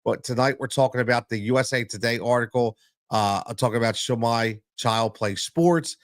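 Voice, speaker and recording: A man's voice: medium pitch, normal speed, no room sound, studio quality. A man hosting a solo sports podcast as a coach, talking emphatically and repeating his points for stress.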